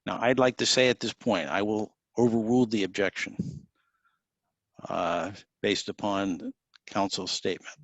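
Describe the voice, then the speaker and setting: A man presiding as judge over a mock trial on a video call, speaking in a deliberate, formal, instructive way. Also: lowish voice, fairly even intonation, dry recording. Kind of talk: courtroom proceedings. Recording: dull dry video-call audio.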